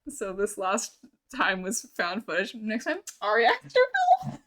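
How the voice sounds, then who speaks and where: A woman's voice: mid-range voice, expressive, a little slow, bright, forceful tone. A woman co-hosting a live stream, chatting casually in a giggly, teasing way. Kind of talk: casual chat.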